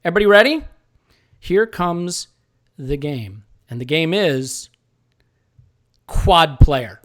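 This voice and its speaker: A man's voice: fairly high pitch, big pitch swings, slow pace, pauses often. A man hosting a live sports podcast, jokey and rambling. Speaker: podcast host.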